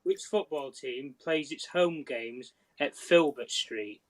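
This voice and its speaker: A man's voice: medium pitch, slow pace. A man on a football watchalong, teasing the others and throwing in a quiz question. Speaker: watchalong guest. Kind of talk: casual football banter.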